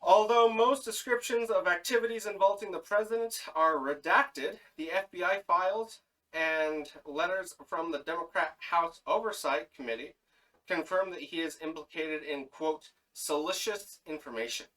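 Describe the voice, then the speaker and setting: A man's voice: sits high, moderate pace, a bit bright, recorded from a distance, poor audio. A man co-hosting a casual podcast, reading through a list of names with fillers and self-corrections. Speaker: podcast co-host.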